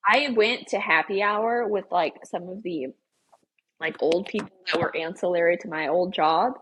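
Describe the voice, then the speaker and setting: A young woman co-hosting a podcast, talking in a chatty, animated, over-explaining way. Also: on the low side, normal speed, a little hiss or hum. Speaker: podcast co-host. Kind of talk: casual chat.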